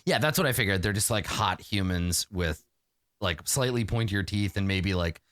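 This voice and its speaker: A man running a tabletop game as game master, chatty and quick with laughing asides. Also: fairly low pitch, animated, a bit bright, dry recording, studio quality.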